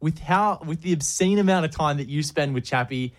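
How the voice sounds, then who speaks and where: A man's voice: a little high, brisk. A man co-hosting a radio show, chatting casually with frequent restarts. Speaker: radio co-host.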